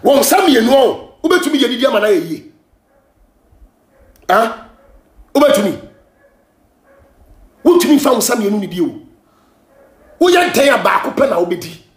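A Ghanaian man hosting a gossip show, ranting and scolding in heated commentary, often shouting, switching between Twi and English. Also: very high-pitched, big pitch swings, a little fast, pauses often, reverberant.

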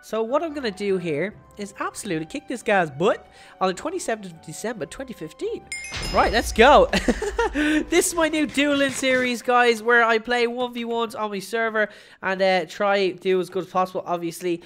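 A woman hosting her gaming channel, giving live gameplay commentary in an excitable, playful way, shouting at big moments. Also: fairly high pitch, a little fast, soft background music.

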